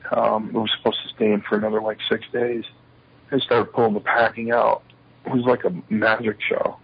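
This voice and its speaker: A lower-pitched older man with a husky, breathy edge spins stories about his past and acts out the lines of the people in them. The recording is a little muffled and lo-fi. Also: a little fast. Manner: animated storyteller acting out quoted dialogue. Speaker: interview guest. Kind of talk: shoot interview storytelling. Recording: slightly muffled lo-fi interview audio.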